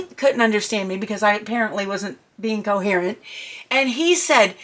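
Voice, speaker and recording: A middle-aged woman telling a personal story in a chatty, animated way, with asides and fillers. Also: moderate pace. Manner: animated, jumps high and shouts when quoting her own panic. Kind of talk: personal anecdote told to listeners.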